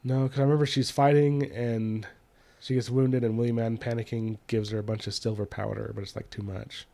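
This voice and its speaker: A man's voice: mid-range voice, flat delivery, a little fast, gravelly, warm tone. A man co-hosting a podcast who loosely retells a book's plot in casual chat, with many fillers. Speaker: podcast co-host. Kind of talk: casual book discussion.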